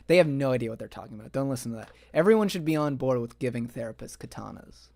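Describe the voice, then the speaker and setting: A man streaming a game live, chatting to his viewers, swearing often and breaking into sudden loud outbursts. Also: mid-range voice, expressive, quick pace, gravelly. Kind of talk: live gameplay stream chat.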